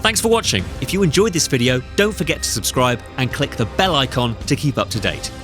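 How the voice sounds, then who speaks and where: A British man reads a short outro in a bright, scripted delivery at a middle pitch. Soft music plays under him. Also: lively intonation, brisk. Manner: upbeat, read from a script. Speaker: host reading the outro.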